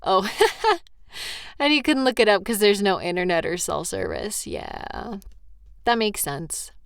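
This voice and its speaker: A woman's voice: medium pitch, very animated, a little slow, creaky, a bit bright, clear, resonant tone, dry recording, studio quality. A woman in a comfort role-play who is tired and yawning, talking sleepily and reassuringly to a partner. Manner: sleepy, reassuring, playful teasing. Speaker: audio role-play performer.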